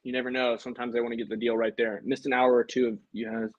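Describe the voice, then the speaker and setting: A young insurance sales agent chats casually with a livestream audience between phone calls to prospects, upbeat and talkative before he dials. His voice is medium-pitched with little pitch movement, he speaks fast, and the sound is lo-fi.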